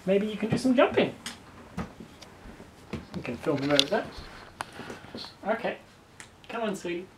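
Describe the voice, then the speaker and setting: A woman's voice: medium pitch, sing-song, a little slow, background noise. A woman at home cooing sing-song baby talk and giggling while she chats to the person filming. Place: family home.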